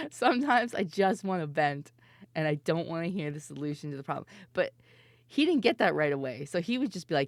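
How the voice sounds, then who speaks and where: Casting note: young woman streamer, low voice, giggly and rambling, dry close sound. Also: sing-song, normal speed, long pauses, no room sound. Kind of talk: casual stream chat.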